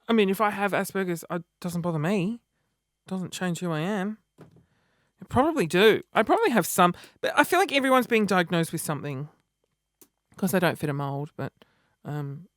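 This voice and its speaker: A man's voice: high voice, fairly bright tone, no room sound, studio quality. A man in his thirties chatting casually to camera in a self-mocking, dramatic way. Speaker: vlogger.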